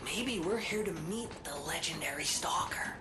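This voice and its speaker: A woman's voice: on the low side, moderate pace, background noise, close to an everyday voice. A woman voicing an eager young companion in a video game, telling a legend with emphatic wonder. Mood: awed. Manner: animated, emphatic storytelling. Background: game music.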